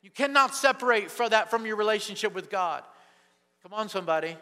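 Fervent high-voiced pastor in a reverberant hall. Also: male voice, animated, brisk, pushed and bright. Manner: fervent, calls to the congregation. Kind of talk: sermon. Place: church sanctuary. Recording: long church-hall reverb.

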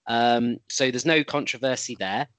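A man's voice: medium pitch, moderate pace, fairly bright tone, smooth, no echo. A man co-hosting a casual rugby chat, rambling a little with restarts and fillers. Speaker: podcast co-host.

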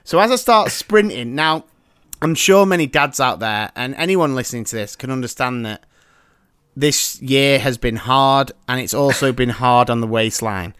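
A man in his thirties hosting a podcast, telling an animated story in casual chat. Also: mid-range voice, normal speed, smooth, dry recording, studio quality. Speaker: podcast host. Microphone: remote call.

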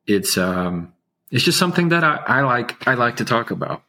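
A man speaking as an interview guest, an attorney, with a calm, soothing low voice and slow, measured delivery. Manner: slow, measured, unhurried speech. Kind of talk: casual interview talk.

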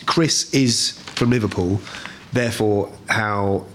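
Thoughtful low-voiced man actor. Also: slow, slight background noise. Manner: thoughtful, animated, self-correcting. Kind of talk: interview.

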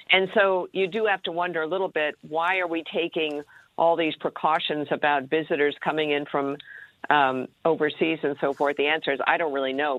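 A woman news commentator calling in on a dry, tinny phone line. She reasons aloud in a measured way and hedges her points. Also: sits low, dry recording. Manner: measured, hedging, thinking aloud.

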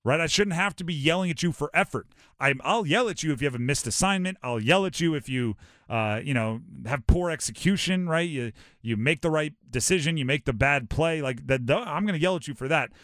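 A man from Hawaii hosting a sports talk show, animated and rhetorical, often acting out quotes. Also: fairly high pitch, fairly quick, no room sound, studio quality.

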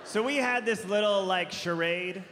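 A man's voice: high-pitched, a little slow. A man performing stand-up comedy on a large theater stage, telling a story with acted voices, into a handheld mic, audience laughter behind. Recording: big theater hall with faint crowd noise.

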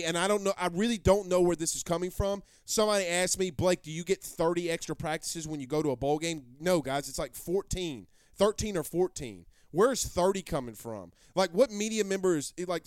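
A man's voice: high-pitched, clean tone, no room sound, studio quality. A man hosting a live sports talk show, brash and rambling, repeating himself as he answers viewer comments.

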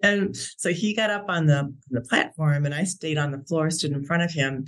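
A woman's voice: low voice, moderate pace. A woman, a podcast guest, telling a heartfelt personal story about her brother and often laughing between sentences.

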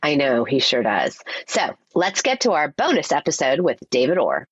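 A woman co-hosting a podcast, her voice stuffy and a little husky from a cold. She talks low and lively, and her pitch moves a lot. The sound is close and dry. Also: normal speed, dry recording, highs cut off. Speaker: podcast co-host. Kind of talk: podcast intro and casual chat.

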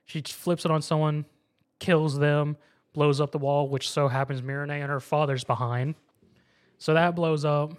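A man's voice: a little high, normal speed. A man casually recapping an anime episode, acting out the characters' lines as he goes. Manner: animated storytelling, acts out characters' lines. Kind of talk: casual chat.

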